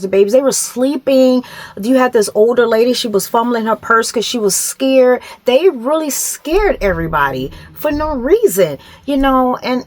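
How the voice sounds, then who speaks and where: A middle-aged woman vlogger telling a story to camera in a casual, animated way, acting out the other people's voices. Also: fairly high pitch.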